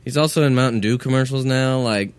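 A man's voice: medium pitch, fast talker, smooth. A man co-hosting a casual stream, laid-back with short wry quips. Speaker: stream co-host. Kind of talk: casual chat.

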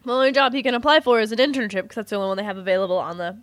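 A young woman co-hosting a casual comedy podcast, blunt and quick to laugh, on a close mic. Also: medium pitch, fairly even intonation, fairly bright tone, dry recording. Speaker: podcast co-host. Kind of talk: casual chat.

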